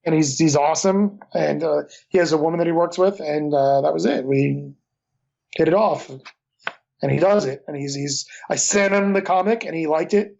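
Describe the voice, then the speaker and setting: A man as a guest comic creator, answering casually in a halting way, full of restarts and fillers. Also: a little high, creaky, a little mellow. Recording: dull lo-fi audio.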